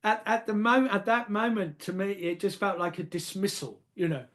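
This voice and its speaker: An older man from England recalls a memory for an interviewer. He talks haltingly, repeats words as he searches for them, and laughs at his own story. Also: sits high, a bit bright. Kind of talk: casual storytelling.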